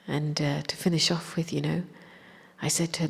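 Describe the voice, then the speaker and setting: Breathy woman telling a story in a reverberant hall. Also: low-pitched, level tone, normal speed. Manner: reflective, gentle anecdotal telling. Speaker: spiritual speaker. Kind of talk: personal storytelling in a spiritual talk.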